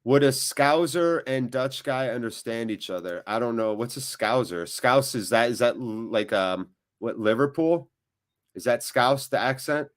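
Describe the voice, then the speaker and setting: A man hosting a live football watchalong, commentating on the match and chatting with viewers, with loud reactions to big moments. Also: mid-range voice, a little slow. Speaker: watchalong host.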